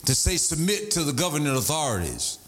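Animated preacher with lively sing-song shouting. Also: male voice, a little high, a little fast. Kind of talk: sermon.

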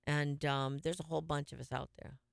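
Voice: medium pitch, flat delivery, brisk, gravelly, smooth, dry recording, clean studio sound. A radio show host chatting casually on air, rambling and joking at their own expense. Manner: rambling, jokey, self-mocking. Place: radio studio.

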